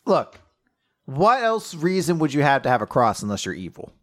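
A man with a somewhat high voice chimes in on a casual podcast with dry jokes and quick comebacks. He speaks as a relaxed co-host riffing alongside the main speaker. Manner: joking asides and wry comebacks. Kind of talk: casual chat.

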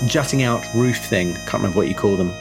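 Rambling game master, music behind. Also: male voice, on the low side, fast talker. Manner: searching for words, swears casually. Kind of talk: describing a tabletop scene.

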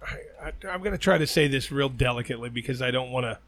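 Swearing, ranting man, bright voice. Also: mid-range voice, quick pace. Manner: crude, ranting, swears a lot. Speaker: podcast co-host. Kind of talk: profane comedic rant.

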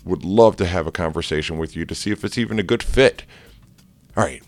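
A man's voice: deep voice, a little fast, no room sound. A married man, a life coach, giving a casual, jokey motivational talk with many fillers. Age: adult, married with kids. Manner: energetic and jokey, loose with fillers.

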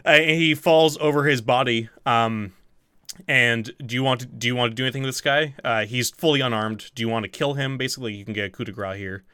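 Bright, laughing game master man. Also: mid-range voice, fast talker, smooth, no room sound, clean studio sound. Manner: laughs often, swears casually, rambling fillers. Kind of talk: narrating a tabletop game.

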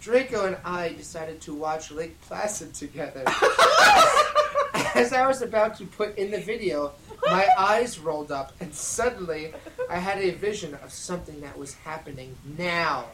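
A woman's voice: lowish voice, normal speed, slight background noise. A woman podcast host reading fan fiction aloud in a giggly, theatrical way at home in a dining room. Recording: echoey room, mic at a distance.

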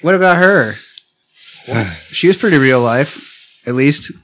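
A man's voice: on the high side, animated, a little slow, fairly bright tone, slight background noise. A young man co-hosting a podcast, wisecracking in casual chat. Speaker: podcast co-host.

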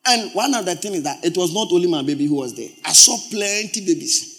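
A male pastor preaching a sermon. He repeats words for emphasis and swings from loud exclamations to low, quiet storytelling. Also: lively intonation, fairly quick.

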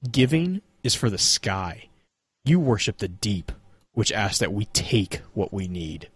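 A man's voice: lowish voice, big pitch swings, measured pace, slightly rough, dry recording, full character voice. A man reading as a ruthless alien god-king. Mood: commanding.

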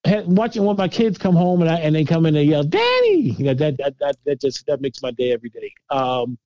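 Lively higher-voiced man, dull dry sound. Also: fast talker, no echo. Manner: animated, repeats words while thinking, laughs often. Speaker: guest filmmaker. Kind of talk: casual interview answers.

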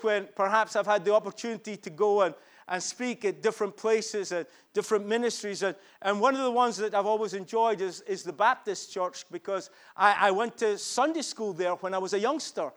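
A man preaching a sermon in church to his congregation, emphatic and repetitive, slowing down to drive his key phrases home. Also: sits high, fairly bright tone. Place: church service before a congregation.

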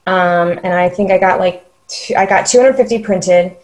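A woman's voice: fairly low pitch, moderate pace, darkish tone. A woman co-hosting a podcast, a dance studio owner talking about her enrollment in an upbeat, chatty way. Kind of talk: casual podcast chat.

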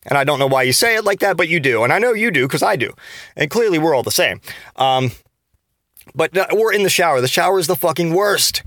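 A man's voice: on the high side, animated, fairly quick, a bit bright, dry recording. A man hosting a podcast, ranting in a casual comedic monologue full of swearing, sarcasm and restarts. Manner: profane, sarcastic rambling rant; frequent restarts and trailing asides. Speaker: podcast host.

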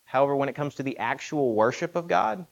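A man's voice: mid-range voice, expressive, a little fast, vocal fry, muffled recording. A man preaching a sermon in an earnest, emphatic way, asking rhetorical questions.

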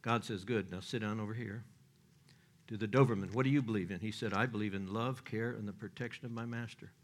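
Folksy older male preacher, low-pitched. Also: steady tone, fairly quick. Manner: folksy, joking, with loose restarts and chuckles. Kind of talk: sermon.

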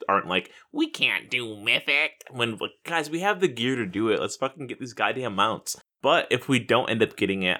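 A man hosting a casual gaming podcast, animated and profane. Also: medium pitch. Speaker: podcast host.

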